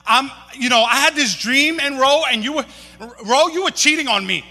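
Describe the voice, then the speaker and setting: A man's voice: very high-pitched, normal speed, sharp tone, in a large hall, voice pushed up, exaggerated voice. A man voicing his upset wife, frantic and repeating herself. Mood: panicked. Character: upset panicked young wife, woman.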